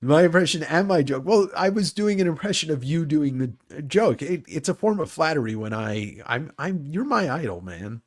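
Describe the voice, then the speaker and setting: A man's voice: a little high, expressive, moderate pace, few pauses. A man hosting a casual livestream chat about comics who rambles, jokes and swears freely. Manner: rambling, joking, profane. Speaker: host.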